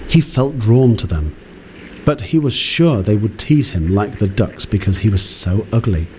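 A man reading a fairy tale aloud in an expressive storybook manner, with faint noise behind. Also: on the low side. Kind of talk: storybook narration.

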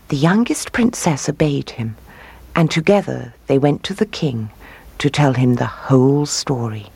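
Storyteller: woman, low husky voice, lively lilting fairy-tale reading, dry close sound. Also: a little slow, dry recording. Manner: expressive, lilting storybook delivery.

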